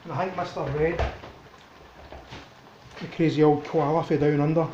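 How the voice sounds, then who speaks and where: A man with a Scottish accent chatting casually as he cooks in his home kitchen, thinking aloud in a relaxed way. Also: fairly high pitch, normal speed, echoey room, highs cut off, a little hiss or hum. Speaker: cooking vlogger. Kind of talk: casual cooking commentary.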